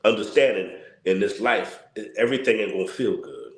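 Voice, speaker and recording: A man's voice: fairly low pitch, brisk, roomy sound. A tired man hosting a casual livestream, talking in a blunt, repetitive, slangy rant. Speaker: channel host.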